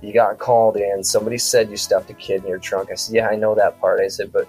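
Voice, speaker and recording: Man from South Dakota, deep voice, casual podcast guest, rambling anecdote, faint music underneath. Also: little pitch movement, fast, darkish tone, low-quality recording. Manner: rambling retelling full of quoted dialogue and repeated "I said". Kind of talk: casual storytelling.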